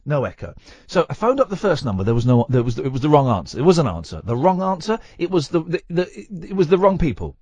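A man's voice: fairly high pitch, big pitch swings, fast talker, darkish tone, dry recording, lo-fi sound. A man hosting a late-night radio show, rambling and teasing his co-host in a playful, chatty way. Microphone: studio microphone.

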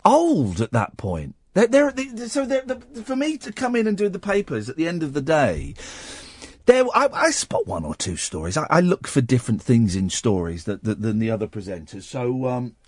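A man's voice: mid-range voice, wildly swooping pitch, husky, no room sound. A man hosting a late-night phone-in radio show, talking casually with many restarts and nursing a sore throat from a cold. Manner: rambling, halting, many restarts. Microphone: studio microphone.

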